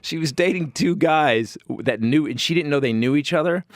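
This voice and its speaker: A man, a comedian guest, telling a personal story candidly on a talk show, emphatic and acting out quotes with sudden pitch jumps. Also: normal speed, no room sound, studio quality.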